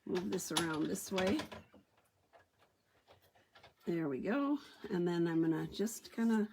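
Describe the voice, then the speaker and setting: A woman's voice: fairly low pitch, lively intonation, slow pace, darkish tone, slight background noise. A woman giving a chatty card-stamping tutorial, thinking aloud as she works. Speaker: stamping demonstrator. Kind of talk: craft tutorial demo.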